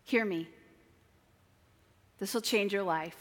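A woman preaching a sermon, dramatic, moving between emphatic lines and hushed asides. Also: medium pitch, slow. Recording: long hall reverb.

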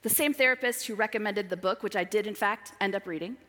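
A woman preaching a sermon, dramatic, moving between emphatic lines and hushed asides. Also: medium pitch, fast talker. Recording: long hall reverb.

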